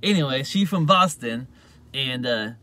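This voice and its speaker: A man's voice: medium pitch, lively intonation, unhurried, bright, forceful tone. A man vlogging into his phone in a casual, rambling monologue, leaning on "you know" at every turn. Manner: rambling, heavy use of "you know" fillers. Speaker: YouTube vlogger.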